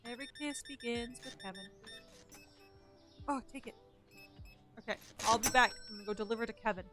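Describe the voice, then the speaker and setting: A woman live-streaming from home, chatting in a self-mocking way as she plays and sometimes yelling loudly at the customers in the game. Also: a little high, brisk, over music. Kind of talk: casual live-stream commentary while gaming.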